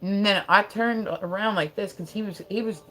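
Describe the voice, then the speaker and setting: A woman's voice: mid-range voice, moderate pace, sharp tone. A woman streamer telling a story on her live stream in a heated, profane way, full of "like" and "right?".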